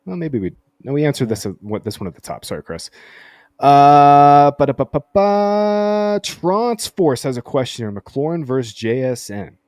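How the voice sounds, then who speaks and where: A man's voice: mid-range voice, expressive, quick pace, few pauses, mellow, no room sound. A man hosting a casual sports podcast, reading out listener questions and answering them playfully. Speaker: podcast host. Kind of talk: casual live Q&A chat.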